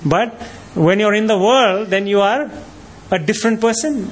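A man preaches with a high voice for a man. He is emphatic and keeps firing rhetorical questions at his listeners. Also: normal speed, a little hiss or hum. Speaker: pastor. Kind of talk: sermon.

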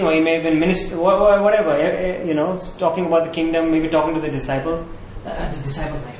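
A man's voice: on the high side, steady tone, quick pace, hardly any pauses, darkish tone, a little hiss or hum. A man preaching a sermon as pastor in a conversational, earnest way, often checking in with the listeners. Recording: roomy echo.

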